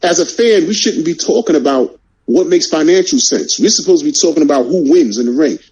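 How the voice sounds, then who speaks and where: A man's voice: a little high, expressive, brisk, a little mellow, slightly rough, lo-fi sound. A man hosting a boxing talk show, fired up, repeating his words and firing off rhetorical questions.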